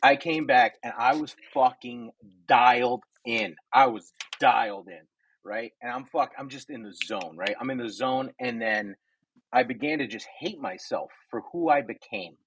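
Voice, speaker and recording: A man co-hosting a podcast, telling a story in an excitable, profane, fired-up way. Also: mid-range voice, normal speed, slightly rough. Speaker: podcast co-host. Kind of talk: casual comedic storytelling.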